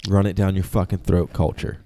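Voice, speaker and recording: A man's voice: sits low, level tone, a little fast, dark tone, dry recording. A man co-hosting a sports podcast, cocky and swearing in casual banter. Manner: cocky, swears, repeats himself. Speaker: podcast co-host.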